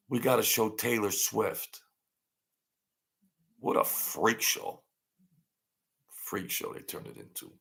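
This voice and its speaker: A man's voice: fairly low pitch, slow, vocal fry, pauses often, fairly bright tone, husky. A middle-aged man hosting a late-night hangout stream, rambling in a mocking tone and repeating himself. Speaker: channel host.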